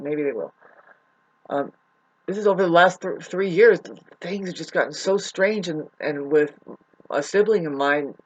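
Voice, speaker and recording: A woman's voice: on the low side, slightly rough. A woman venting in an unscripted vlog, upset and close to tears, rambling, swearing and often restarting her sentences. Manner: rambling, profane, loops back and restarts often. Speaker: vlogger. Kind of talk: unscripted emotional vlog monologue.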